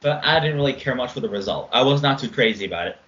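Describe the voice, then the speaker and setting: A man's voice: medium pitch, animated, fast talker, fairly bright tone, reverberant, slight background noise. Male podcast host, teasing, keeps things moving, dull lo-fi mic. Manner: teasing, moves the show along. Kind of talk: casual chat. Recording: dull lo-fi audio.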